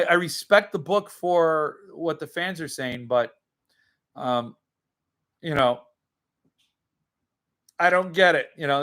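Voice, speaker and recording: A book-channel host rambles loosely through a livestream from a room in his home, reading viewer comments aloud. His voice is medium-pitched and a bit bright.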